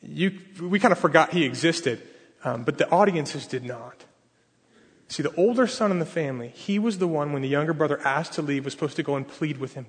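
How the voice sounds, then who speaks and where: Animated male preacher in a hall. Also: a little high, fairly quick, husky. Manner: animated storytelling, acting out characters' lines. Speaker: pastor. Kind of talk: sermon. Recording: reverberant hall.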